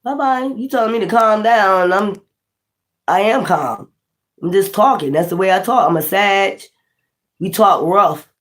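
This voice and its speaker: A woman from North Philadelphia with a Philly accent, chatting bluntly and roughly on a tarot livestream, swearing freely. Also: mid-range voice, unhurried. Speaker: tarot reader. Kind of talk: casual livestream chat.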